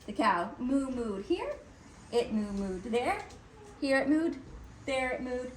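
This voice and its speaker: A woman reading a children's picture book aloud, with playful, expressive narration. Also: fairly high pitch, takes it slowly, a little hiss or hum. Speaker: storybook reader.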